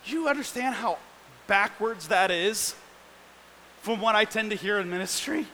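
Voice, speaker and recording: A man's voice: high-pitched, a little slow, bright, forceful tone, a little hiss or hum, low-quality recording. A man preaching a sermon, reading scripture and explaining it with earnest, building emphasis.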